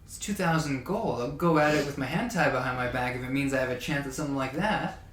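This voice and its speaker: A man's voice: mid-range voice, fast, a bit bright, reverberant, soft background music, close to an everyday voice. Brash greedy sailor, as a man puts him on. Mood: eager, brash. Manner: eager, boastful. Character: eager greedy male ship crewman, brash.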